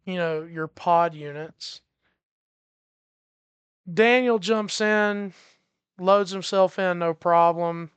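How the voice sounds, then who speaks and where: A game master narrating a sci-fi tabletop session slowly and easily, taking time over each scene. The voice is very smooth and clear. The sound is close and dry. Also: mid-range voice, no echo. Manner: relaxed, laughing, explains freely.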